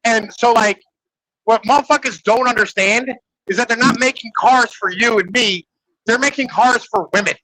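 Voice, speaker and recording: A man's voice: very high-pitched, moderate pace, sharp tone, no room sound, rough recording. A man in casual podcast chat, rambling and profane, leaning on "like" and "right?". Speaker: podcast host.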